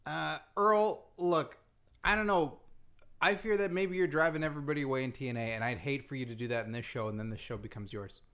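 A man's voice: mid-range voice, fairly quick, a bit bright. A man hosting a comedy podcast, playing the exasperated straight man and laughing often. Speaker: podcast host.

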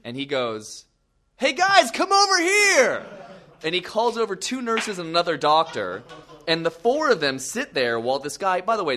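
A young man telling an embarrassing story on stage, animated and self-deprecating, with frequent asides. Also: mid-range voice. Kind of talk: live comic storytelling.

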